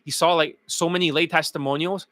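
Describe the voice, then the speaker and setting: A dating coach streaming live, lecturing bluntly and with heavy profanity, his voice getting hoarse. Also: fairly high pitch, steady tone, brisk, a bit bright, no echo. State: losing his voice. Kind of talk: livestream rant.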